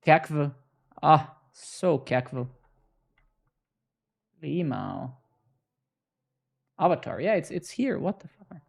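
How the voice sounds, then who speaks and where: A young man with a gravelly, creaky voice talks slowly and unhurriedly. He streams himself coding and throws sarcastic, profane jabs at his chat between lines of work. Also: fairly high pitch, very animated. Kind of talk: casual live-stream banter while coding.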